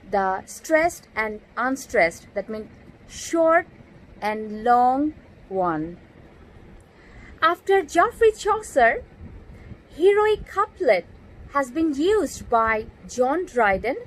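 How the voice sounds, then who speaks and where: A woman with a Bangladeshi English accent giving a recorded literature lecture to her students, slow and deliberate, stressing syllables one at a time. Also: high-pitched, slight background noise, poor audio.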